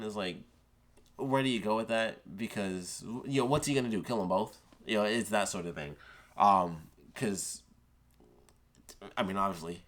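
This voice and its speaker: A man's voice: on the low side, fairly bright tone. A man giving a casual, rambling spoken review of a TV episode, full of "like" and "of course.".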